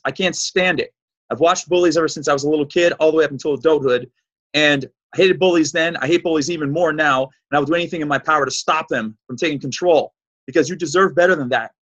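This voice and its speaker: A man's voice: on the high side, a bit bright, slightly rough, low-quality recording. A man hosting a fitness show, giving an emphatic, preachy solo monologue full of repeated points.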